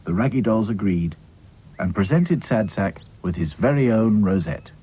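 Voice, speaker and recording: A man narrating a children's cartoon story with gentle, expressive storytelling. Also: lowish voice, moderate pace, slightly rough.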